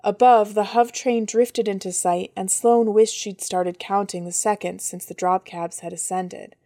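A woman reads a story aloud in a steady, even narrating voice. Her pitch sits in a comfortable middle range. The recording is dry and close, as from a studio booth. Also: measured pace, dry recording. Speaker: audiobook narrator. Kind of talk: scripted narration.

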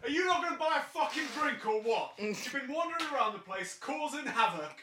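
A man's voice: very high voice, animated, echoey room, distant mic, pitched above the performer's own voice, heavily acted. A man voicing an irritable male barkeep who scolds customers for not buying drinks. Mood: irate. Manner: angry, rapid shouting.

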